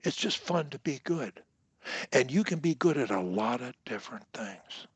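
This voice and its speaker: A man's voice: mid-range voice, expressive, moderate pace, husky, dry recording. A man coaching a student one-on-one over a video call, emphatic and fond of repeating his key points. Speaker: speech coach.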